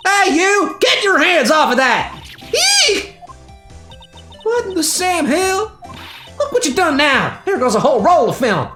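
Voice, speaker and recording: A woman voicing a brash, loud Southern woman photographer with a drawling Southern US accent, over game music. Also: sits high, sing-song, a little slow, pauses often, echoey room, voice pushed up, full character voice. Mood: scolding.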